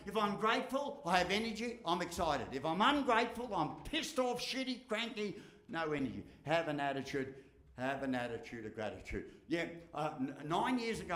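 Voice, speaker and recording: Australian male motivational speaker, slightly high voice, blunt and jokey, echoey hall sound. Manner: blunt, jokey, lively delivery with mild swearing. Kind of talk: humorous keynote speech.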